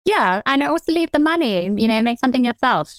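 A woman with a southern English accent, a historian guest answering interview questions in an articulate, measured, lightly amused way. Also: on the high side, lively intonation, no room sound. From England.

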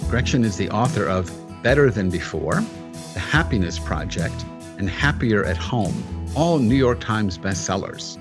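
Low-voiced, joking male podcast host. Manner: casual, joking, with fillers and restarts. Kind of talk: interview hosting.

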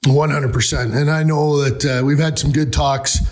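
A man hosting an interview, asking gentle questions with many hesitations and fillers. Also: on the high side, steady tone, moderate pace. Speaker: interview host. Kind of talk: conversational interview.

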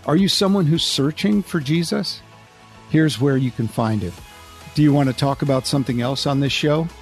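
A man hosting a podcast, calmly reading a scripted outro that invites listeners to get in touch. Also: fairly high pitch, normal speed, soft background music. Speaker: podcast host.

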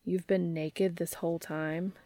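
A woman voicing a brash, eager adult man, speaking in a hushed, urgent way in an amateur audiobook reading. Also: on the low side, flat delivery, unhurried.

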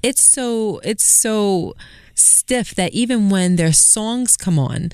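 A woman in casual podcast chat, telling family stories with a lively storyteller's energy and frequent laughter. Her voice is smooth and clear at a middle pitch. The sound is close and dry, with no room behind it. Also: takes it slowly, dry recording. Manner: animated storyteller, laughs often, fills in details. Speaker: podcast co-host. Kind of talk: casual chat about parenting.

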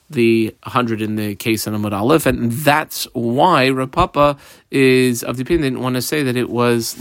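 A man giving a Talmud class, reading out Aramaic phrases and explaining each one in plain, casual English. His voice sits in a middle pitch. The recording is dry and close. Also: a bit bright, no room sound. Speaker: Talmud teacher. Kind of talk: Talmud lesson.

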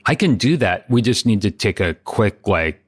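Middle-aged guy with a lowish voice, dry jokey podcast banter, chuckles here and there. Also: animated, moderate pace. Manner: dry, playful riffing with chuckles. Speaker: podcast co-host. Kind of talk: casual comedic chat.

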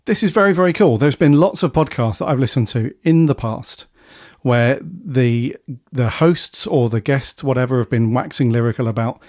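A man's voice: medium pitch, expressive, moderate pace, hardly any pauses, darkish tone, dry recording, studio quality. A man hosting a casual podcast panel chat, talking loosely and drifting into tangents. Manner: chatty, rambling off on tangents. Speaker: podcast host.

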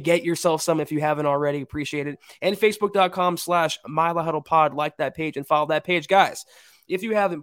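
Upbeat higher-pitched male podcast host. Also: a bit bright, no room sound, clean studio sound. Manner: upbeat, quick sign-off plugs. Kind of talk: casual sports podcast chat and outro.

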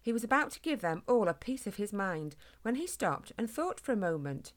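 A woman narrating a children's storybook in an expressive, clear read-aloud manner. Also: mid-range voice, normal speed.

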